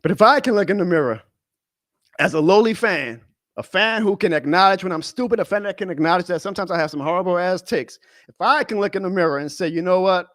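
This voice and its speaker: A man hosting a live fan stream, ranting in a heated, profane way that swings up to shouting. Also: sits high, lively intonation, fast, no echo, clean studio sound. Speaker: fan show host.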